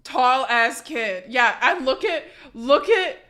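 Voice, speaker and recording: A young woman streaming, chatting casually with her viewers while sick, her voice going hoarse; blunt, swearing freely, often restarting sentences. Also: high voice, lively intonation, slow pace, pushed and bright. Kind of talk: casual chat reading a live chat.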